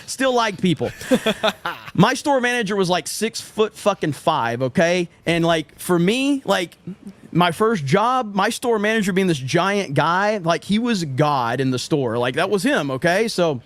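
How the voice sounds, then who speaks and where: A middle-aged man telling stories in a casual podcast chat, animated, acting out quotes and laughing often. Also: sits high, unhurried, no room sound.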